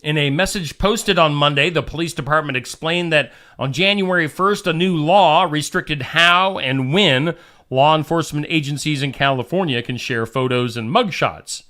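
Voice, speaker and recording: A man's voice: fairly high pitch, normal speed, sharp tone. A man hosting a casual show, reading odd news stories and joking with his co-host. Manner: jokey, puts on silly voices while reading.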